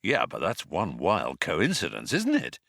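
A man voicing a vain, scatterbrained male spaceship captain who plays dumb, talking in a loud, lazy, offhand way. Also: sits low, huge pitch swings, unhurried, creaky, no room sound, clean studio sound, voice pushed down, heavily acted.

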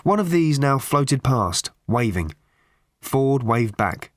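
Expressive male audiobook narrator. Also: medium pitch, slow pace, no echo. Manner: dry, expressive storytelling. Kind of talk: scripted narration.

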